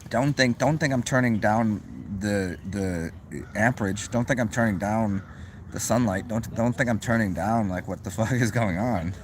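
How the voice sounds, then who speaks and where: A man's voice: lowish voice, normal speed, a little hiss or hum. A young man casually chatting on a livestream, reading out comments, rambling with many restarts, laughing often and swearing freely. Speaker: livestream host.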